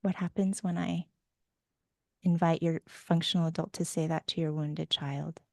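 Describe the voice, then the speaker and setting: A woman coach guiding a session, asking gentle probing questions and talking people through their feelings. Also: deep voice, fairly even intonation, normal speed, gravelly, no echo, clean studio sound.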